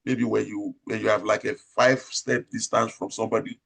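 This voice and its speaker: A man with a Nigerian accent, an operating room nurse manager giving advice in an interview, talking loudly and emphatically, repeating his points and asking rhetorical questions. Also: lowish voice, little pitch movement, brisk, gravelly, slightly rough.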